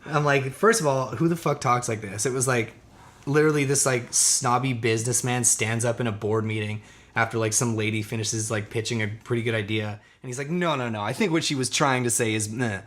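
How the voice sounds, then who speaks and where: A man's voice: mid-range voice, fairly quick, a bit bright. A young man co-hosting a podcast in casual chat, rambling with lots of fillers, swearing and laughing often. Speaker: podcast co-host.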